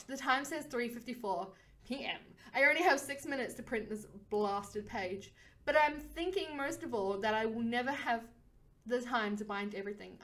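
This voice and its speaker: A woman reads a story game aloud for her viewers and voices the main character herself. Her delivery is expressive, and she often laughs as she reads. Her voice sits on the higher side. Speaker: game streamer. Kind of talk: reading a visual novel aloud.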